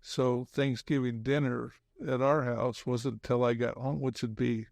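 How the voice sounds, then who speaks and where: Gravelly older man, halting interview talk. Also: mid-range voice, flat delivery, a little mellow, no echo, studio quality. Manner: halting, many restarts and "you know". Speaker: podcast guest, former basketball coach. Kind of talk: casual interview chat.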